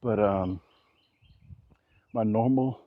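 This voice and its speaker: A man talking casually to camera while building outdoors, rambling and cracking jokes, keeping his naturally loud voice down. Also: fairly low pitch, extremely slow, no echo, phone-quality sound. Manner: joking, rambling, self-deprecating asides. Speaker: vlogger. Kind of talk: casual vlog talk to camera. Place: outdoors at a backyard building site. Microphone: action camera.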